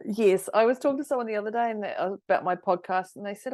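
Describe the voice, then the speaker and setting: A woman co-hosting a casual podcast chat remotely, animated, acting out quotes and laughing a lot. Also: medium pitch, quick pace. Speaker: podcast co-host. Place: New Zealand, remote call.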